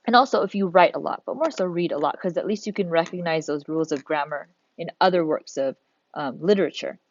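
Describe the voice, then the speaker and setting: A woman's voice: on the low side, brisk, muffled recording. A woman teacher talking through a recorded grammar lesson, patient, step by step, thinking aloud as she works.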